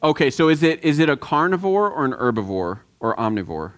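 A pastor giving a sermon in a conversational way, with many halting restarts and questions to the room. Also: male voice, fairly high pitch, very animated, fairly bright tone.

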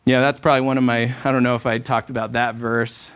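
A man's voice: medium pitch, fairly even intonation, fairly quick, a bit bright, clean tone. A man, a therapist speaking at a church, talking conversationally and often checking in with "right?". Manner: conversational, keeps asking "right?". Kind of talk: church talk with Q&A. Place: church hall.

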